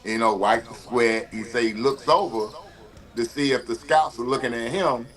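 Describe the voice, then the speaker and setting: A man, a guest telling animated stories with frequent fillers and restarts. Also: medium pitch, normal speed. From Mississippi, US. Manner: animated storyteller, frequent uh and repeated words. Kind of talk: conversational storytelling.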